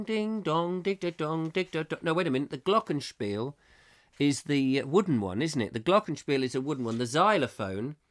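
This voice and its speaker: A man hosting a live comedy chat show, rambling whimsically and reading out viewer comments. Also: a little high. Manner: whimsical, silly, reads viewer comments aloud. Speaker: host.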